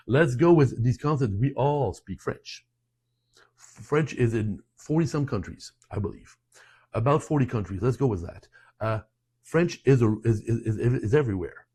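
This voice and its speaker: A man's voice: mid-range voice, a little mellow, slightly rough. A man teaching French for workplace exams, talking to learners in a persuasive, conversational way and dropping French terms into his English. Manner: frequent restarts and asides. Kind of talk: online lesson talk.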